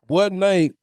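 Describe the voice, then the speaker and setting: A man's voice: high voice, a little mellow, no room sound, studio quality. A man hosting a casual podcast, telling stories in loose slang and laughing often. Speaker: podcast host. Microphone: studio podcast mic.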